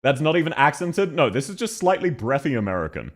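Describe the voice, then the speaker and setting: A man's voice: a little high, sing-song, fast. An Australian man chatting on a livestream, laughing often and greeting viewers by name. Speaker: streamer. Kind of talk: livestream commentary.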